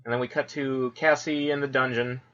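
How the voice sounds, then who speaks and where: On a dull-sounding recording, a man with a medium-pitched, fairly bright voice co-hosts a relaxed comic review, talking a little fast with flat delivery. He laughs a lot and leans heavily on fillers like "like" and "you know."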